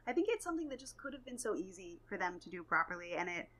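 A woman co-hosting a casual chat, quick and emphatic, often laughing. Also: mid-range voice, sing-song, bright, forceful tone, rough recording. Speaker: co-host.

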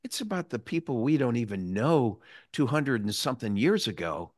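A man's voice: mid-range voice, big pitch swings, normal speed, no room sound, clean studio sound. A man hosting an interview, speaking in a reflective and emotional way. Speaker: interview host. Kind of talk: political interview.

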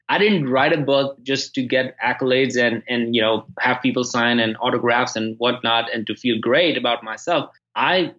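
A man talking through his experiences as an author in a casual conversation, stopping and repeating words as he goes and growing animated in his stories. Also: mid-range voice, lo-fi sound. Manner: halting, repeats words when restarting, animated when telling stories. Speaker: podcast guest and author.

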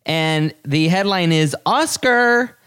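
A podcast co-host in casual chat, loud and joking, swearing freely. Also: medium pitch, expressive, slow, clean tone.

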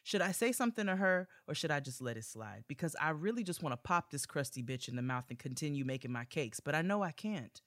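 A young woman co-hosting a podcast in casual chat, animated and playful as she reads listener letters aloud and comments on them. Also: deep voice, fast talker, hardly any pauses, dry recording, clean studio sound. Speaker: podcast co-host.

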